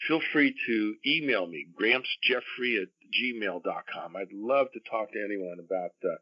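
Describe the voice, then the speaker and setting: An older man, an author guest, talking casually in an interview, halting with many repeated words and restarts. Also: lowish voice, muffled recording.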